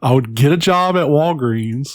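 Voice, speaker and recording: A man's voice: medium pitch, animated, moderate pace, no echo, clean studio sound. A man co-hosting a podcast who talks bluntly and defiantly in casual chat, with plenty of swearing. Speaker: podcast co-host.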